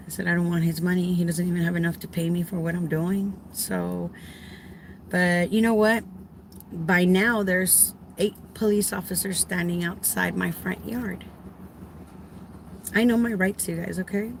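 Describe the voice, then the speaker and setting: Telling a story casually to her viewers, a middle-aged woman caregiver acts out the dialogue and gets louder whenever she quotes herself. Her voice is gravelly and fairly low-pitched at a moderate pace. Her delivery is animated, and there's slight background noise.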